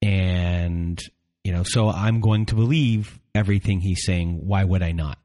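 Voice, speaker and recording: A man hosts an interview podcast in a low, calm voice. He steers the conversation with steady, guiding questions. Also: unhurried. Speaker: podcast host.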